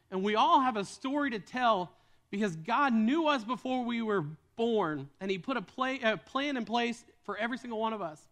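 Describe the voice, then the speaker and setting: High-voiced young man preaching. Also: lively intonation, brisk, a bit bright. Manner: earnest, repeats words when starting sentences. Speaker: pastor. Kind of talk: sermon.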